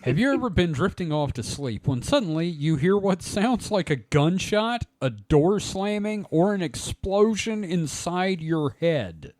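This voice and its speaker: A man hosting a podcast with a fairly high, lively voice that swings up and down as he jokes and reads. The sound is dry and close to the mic. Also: unhurried, few pauses, no room sound. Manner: joking, laughs often, animated reading. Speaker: podcast host. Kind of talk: casual chat, reading an article aloud.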